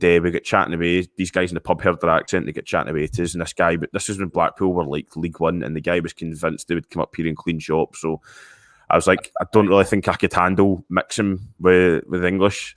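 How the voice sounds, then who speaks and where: A Glaswegian man joins a podcast chat as a guest. His voice sits very low, and the recording sounds close and dry. He speaks bluntly and hesitates often with ums. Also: steady tone, fast talker, a bit bright, dry recording.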